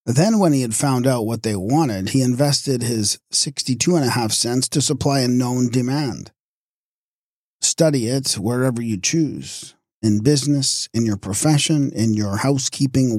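A man's voice: mid-range voice, a little mellow, no room sound, studio quality. A man giving an oratorical lecture, telling scornful anecdotes with acted-out voices. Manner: sardonic, declamatory, scornful asides.

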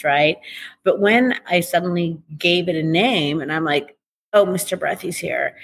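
A middle-aged woman speaking as an interview guest, animated and acting out bits of dialogue in different voices. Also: on the low side, slight background noise. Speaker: guest, recovery author. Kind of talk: conversational interview.

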